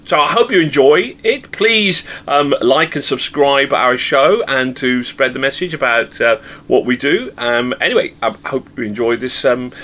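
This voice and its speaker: A man's voice: mid-range voice, fairly bright tone. A man hosting a casual rock review show, rambling with many ums and restarts. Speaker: show host.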